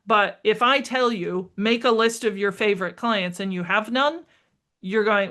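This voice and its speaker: A middle-aged woman, a marketing strategist, talking as a podcast guest, energetic and emphatic, acting out bits of dialogue. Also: mid-range voice, normal speed. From United States. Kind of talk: conversational interview.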